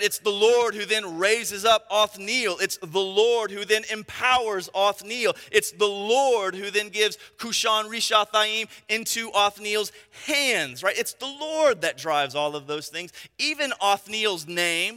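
In a long-reverberating large hall, a male pastor delivers an emphatic sermon in a high, sharp voice at an unhurried pace. He keeps checking in with the congregation by asking "right?"

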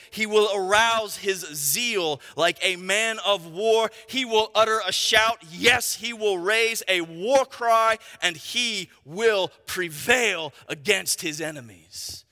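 High, bright-voiced man preaching a sermon. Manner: emphatic preaching with frequent "right?" asides. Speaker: pastor. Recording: long reverb of a large hall.

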